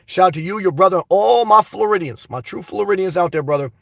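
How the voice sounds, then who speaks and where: A man hosting a casual live stream, reading viewer comments and rambling about them in an animated way. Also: high-pitched, fast, creaky, no room sound, studio quality, distant mic.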